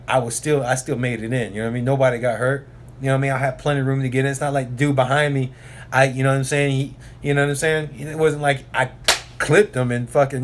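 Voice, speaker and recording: Man ranting profanely about his day. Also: medium pitch. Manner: rambling, profane storytelling with many repeats and fillers. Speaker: oilfield truck driver. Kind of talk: casual vlog rant.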